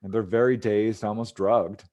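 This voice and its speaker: A man, a ufologist guest on a casual interview, narrates a case in a lowish, steady, slightly mellow voice at normal speed. Along the way he chuckles and puts on the voices of the people he's quoting.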